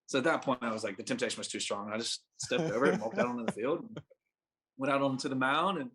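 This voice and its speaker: Here a young man, a baseball pitcher on a podcast as a guest, spins a long, casual story. He rambles in a laid-back manner, with "like" in almost every sentence while he backtracks and restarts. His medium-pitched voice is fast and a bit bright.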